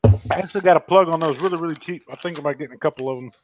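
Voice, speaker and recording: A man chatting casually on a vape livestream, joking loudly and drawling in slang. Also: a little high, racing, music in the background. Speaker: vape channel host guest.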